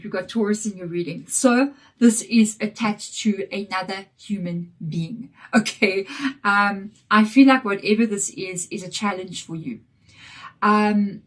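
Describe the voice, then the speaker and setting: A woman giving a casual tarot reading to camera, croaky from a chesty cold, reassuring and direct. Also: medium pitch. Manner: reassuring and direct, checking in with "okay?". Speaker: tarot reader.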